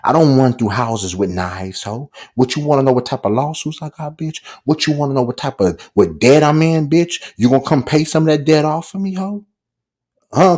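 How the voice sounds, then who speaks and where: A man's voice: mid-range voice, darkish tone, slightly rough. A man delivering a furious, profane, taunting livestream rant.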